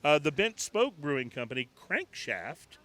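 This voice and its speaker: A man's voice: on the high side, big pitch swings, moderate pace, a bit bright. A man co-hosting a casual podcast recorded on location in a bar, rambling through a list with many fillers and restarts. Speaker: podcast co-host. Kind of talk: casual chat.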